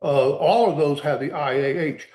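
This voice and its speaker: A man being interviewed as an author, explaining earnestly in a halting way with many repeated words and restarts. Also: a little high, darkish tone, reverberant. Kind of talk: conversational interview.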